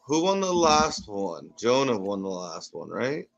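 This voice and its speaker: A man's voice: on the low side, sing-song, measured pace, creaky. A man hosting a casual live reaction chat, easygoing and asking the others questions. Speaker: watch party host.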